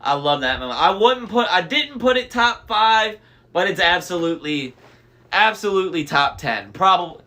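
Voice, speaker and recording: A man's voice: high-pitched, expressive, moderate pace, pushed and bright. A young man reading a novel aloud, breaking off for enthusiastic, chatty fan commentary. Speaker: audiobook reader.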